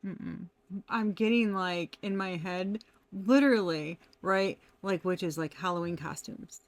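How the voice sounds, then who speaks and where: A woman's voice: lowish voice, measured pace, no echo. A woman giving a casual tarot reading, talking animatedly, laughing often and swearing freely. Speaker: tarot reader.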